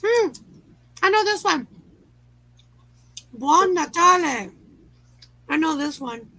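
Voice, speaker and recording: A woman's voice: sits high, lively intonation, normal speed, low-quality recording. A woman hosting a casual livestream chat, playful and self-mocking, laughing at her own mispronunciations. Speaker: livestream host.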